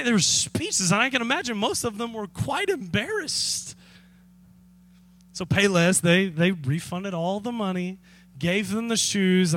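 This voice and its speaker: A man's voice: high voice, a bit bright. A man preaching a sermon as pastor, telling a story with chuckles and asides to the congregation.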